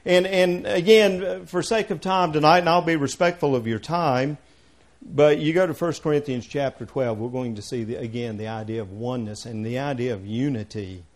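A man preaching a sermon, talking in a conversational way and asking the congregation questions, swinging from quiet asides to emphatic passages. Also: medium pitch, moderate pace.

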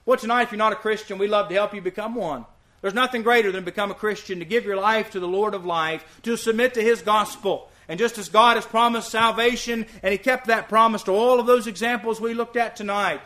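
High, bright-voiced earnest male preacher. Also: a little fast. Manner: earnest, emphatic, repeats key lines. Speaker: visiting preacher. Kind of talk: sermon.

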